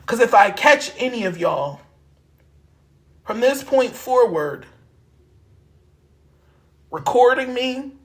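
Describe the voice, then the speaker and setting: A man's voice: very high-pitched, sing-song, takes it slowly, long pauses. A man from Harrisburg, Pennsylvania, ranting into his phone on a live stream, heated and profane. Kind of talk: angry live-stream rant.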